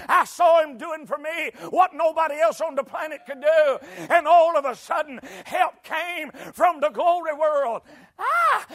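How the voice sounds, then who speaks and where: A man preaching a sermon in a church, swinging between quiet storytelling and shouted, rhythmic climaxes. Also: very high-pitched. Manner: shouting, sing-song preaching cadence.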